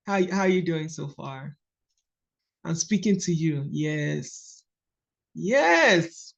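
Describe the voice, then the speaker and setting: A woman's voice: sits low, expressive, slow, vocal fry, dull audio. A woman leading a book study coaching call, repeating key phrases for emphasis.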